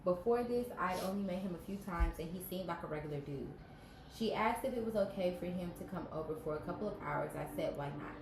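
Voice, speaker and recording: A woman's voice: fairly low pitch, quick pace. A woman co-hosting a podcast with a stuffy nose, reading a story aloud and breaking off to react and joke. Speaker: podcast co-host reading stories. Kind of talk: casual story reading and chat. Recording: echoey room with background noise.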